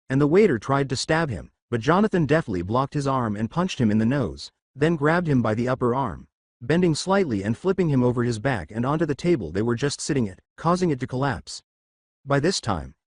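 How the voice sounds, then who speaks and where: A man reading fan fiction aloud in a steady, measured way, though his pitch moves around a lot. The sound is dry and close to the mic. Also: no echo. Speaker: narrator. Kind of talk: fanfiction story narration.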